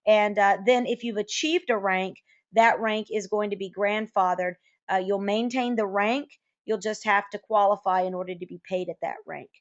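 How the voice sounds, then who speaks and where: A woman hosting a sales webinar, upbeat and effusive, talking quickly with fillers. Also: medium pitch, fairly even intonation, lo-fi sound. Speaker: webinar host.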